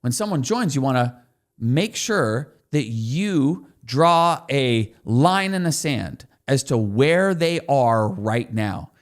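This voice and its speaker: A man's voice: medium pitch, animated, slow. A man guest on a podcast, an enthusiastic storyteller explaining business lessons. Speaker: guest expert.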